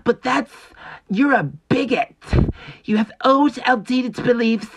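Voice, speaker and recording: Man doing a shrill, indignant accuser. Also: takes it slowly, fairly bright tone, husky, heavily acted. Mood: outraged.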